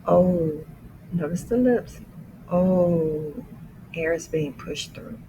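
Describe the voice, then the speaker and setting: A man teaching the letters of the alphabet as an English lesson, saying each letter slowly and explaining how the mouth shapes it. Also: on the high side, expressive, noisy background. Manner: careful, deliberate letter-by-letter demonstration. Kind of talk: slow pronunciation lesson.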